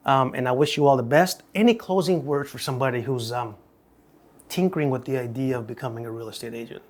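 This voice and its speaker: A middle-aged man hosting an interview, folksy and animated in a colloquial way. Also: medium pitch, fast talker. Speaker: interview host. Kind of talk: interview conversation.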